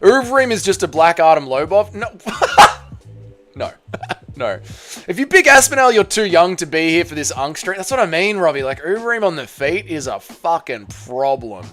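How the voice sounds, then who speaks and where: An Australian man hosts a casual livestream, talking straight to his chat. His voice sits a little high, and he swears freely. Faint music plays underneath. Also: sing-song, moderate pace, a bit bright. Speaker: streamer.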